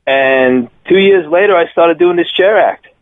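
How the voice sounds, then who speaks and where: A man in his fifties with a strong Long Island accent, calling in to a radio interview. His voice sits a bit high for a man and comes across energetic and rambling. The sound is tinny and dry, like a phone line. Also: unhurried, no room sound. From Long Island, New York. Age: 50s. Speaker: circus daredevil guest.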